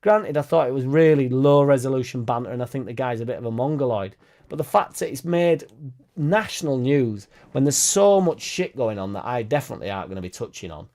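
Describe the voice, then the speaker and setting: A man's voice: mid-range voice, animated, fairly quick, darkish tone. A young man chats casually on a live stream. He talks bluntly and swears freely, rambling from one point to the next. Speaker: football fan channel host.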